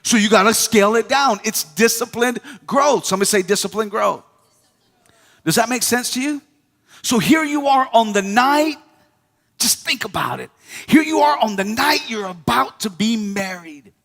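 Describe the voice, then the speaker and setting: A male pastor preaching a sermon in a church, lively, with call-and-response asides to the congregation. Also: very high voice, moderate pace, in a large hall. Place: church hall.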